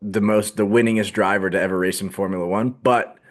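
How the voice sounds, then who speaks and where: A man's voice: on the low side, steady tone, quick pace. A man co-hosting a podcast, chatting casually and joking with frequent laughs. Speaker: podcast co-host. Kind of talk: casual chat.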